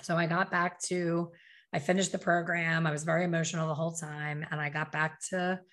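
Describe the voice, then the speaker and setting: A woman's voice: sits low, little pitch movement, fairly quick, fairly bright tone. A middle-aged woman telling her personal story in a candid, conversational way, acting out her own past thoughts.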